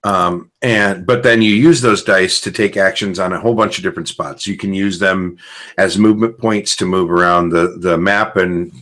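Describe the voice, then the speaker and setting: Low-voiced male podcast host. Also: steady tone, normal speed, a bit bright. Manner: chatty, explains game rules at length. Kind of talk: casual rambling chat.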